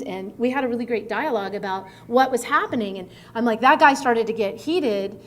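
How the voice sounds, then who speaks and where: A middle-aged woman speaking as a guest speaker at a conference, in a conversational, animated way. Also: a little high, fairly quick, few pauses, a little hiss or hum. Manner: conversational, animated, acts out quotes. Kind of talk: conference talk. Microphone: microphone at a conference.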